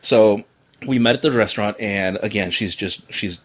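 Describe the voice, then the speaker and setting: A man's voice: fairly low pitch, normal speed. A man telling a funny personal story in casual chat, acting out the lines of others and laughing as he goes. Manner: animated, breaks into laughter, acts out quotes.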